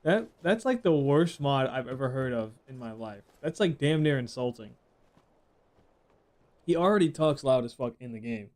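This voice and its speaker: An expressive, slightly mellow male voice of medium pitch and moderate pace belongs to a young streamer. He jokes, curses, wanders off topic, and responds to chat while casually commentating on his gameplay.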